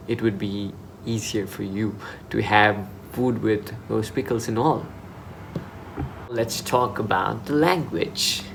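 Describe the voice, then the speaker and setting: A man's voice: lowish voice, slow pace, vocal fry, a bit bright, a little hiss or hum. Chatty young man vlogging. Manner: chatty and informal, with frequent restarts. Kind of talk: casual advice vlog. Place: in Dubai.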